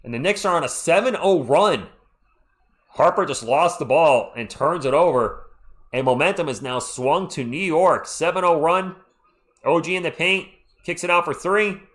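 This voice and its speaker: Excitable man calling a live game stream. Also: a little high, normal speed. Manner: excitable, fan-biased, chatty with viewers. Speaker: live stream play-by-play host. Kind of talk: live play-by-play commentary with chat shout-outs.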